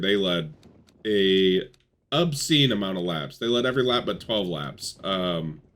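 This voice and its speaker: A young man giving casual, excitable commentary on a racing simulation, swearing and swinging between hype and mumbled asides. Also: on the low side. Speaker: gaming YouTuber.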